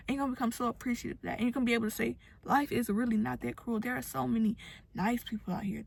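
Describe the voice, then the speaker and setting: A woman's voice: a little high, vocal fry, no echo. A young woman giving a casual, earnest motivational talk to her followers, acting out the voices of people she quotes. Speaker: self-help vlogger.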